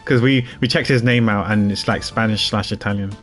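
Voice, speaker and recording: A man's voice: on the low side, fairly even intonation, normal speed, a bit bright, soft background music. A man streaming a game, talking casually in a rambling way with stammers and restarts.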